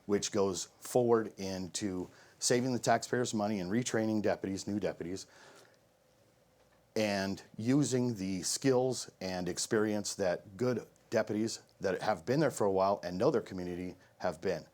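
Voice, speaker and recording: A man's voice: fairly low pitch, normal speed, a little mellow. A man speaking in a political debate, making pointed, argumentative points about law enforcement. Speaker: sheriff candidate. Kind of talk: debate answer.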